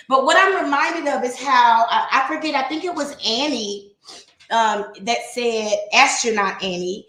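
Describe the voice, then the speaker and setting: A woman hosting a casual livestream, chatting and laughing between slow, careful readings of an old essay. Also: fairly high pitch, sharp tone. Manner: chatty, laughs often, reads poetry slowly. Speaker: livestream host reading aloud. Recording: roomy echo.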